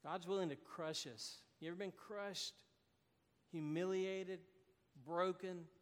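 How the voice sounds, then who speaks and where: A man's voice: high-pitched, steady tone, slow pace, smooth, big-room sound. A man preaching a sermon as pastor, earnest and building to emphatic declarations.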